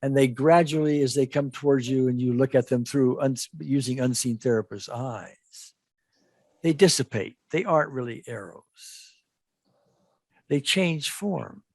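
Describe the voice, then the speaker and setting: A man working as an EFT practitioner, talking a client through a guided imagery exercise with slow, gentle, repetitive coaching. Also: medium pitch, creaky, no room sound. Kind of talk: guided imagery therapy session.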